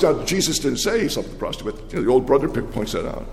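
An older man preaching a sermon, telling the story with animated energy and frequent restarts. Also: medium pitch, fast talker, hardly any pauses, long reverb tail.

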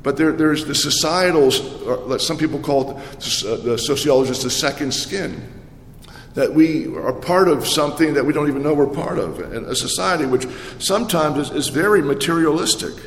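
A man preaching a sermon as a pastor, animated and full of rhetorical questions and repetition. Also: a little high, normal speed, a little hiss or hum. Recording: echoey hall with long reverb.

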